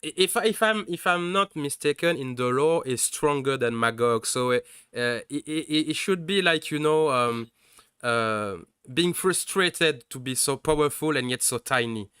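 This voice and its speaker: A man's voice: a little high, animated, moderate pace, pushed and bright, clear, resonant tone, no echo, clean studio sound. A male host, an English speaker, conducting a live interview in a hesitant way full of fillers. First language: French. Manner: hesitant, many fillers and restarts. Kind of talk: casual live-stream interview.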